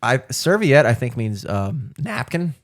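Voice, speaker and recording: A man, co-hosting a podcast and telling a long story in casual chat, animated and profane, acting out the voices of the people in it. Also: medium pitch, a little slow. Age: 30s. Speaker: podcast co-host.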